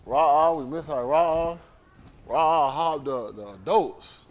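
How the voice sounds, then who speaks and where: Speaking slowly in a voice on the high side, a man who leads the congregation trades teasing, animated stories before the service in an indoor hall. The highs in the recording are cut off.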